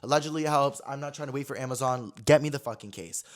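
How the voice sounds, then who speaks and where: A young man hosting a casual talk show, telling a story in an animated way, acting out quotes and swearing freely. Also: medium pitch, quick pace. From California. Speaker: podcast host.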